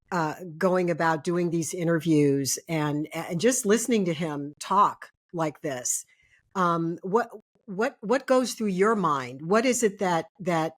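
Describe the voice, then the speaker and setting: Low-voiced woman host probing. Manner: probing, repeats her questions. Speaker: show host. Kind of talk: interview host.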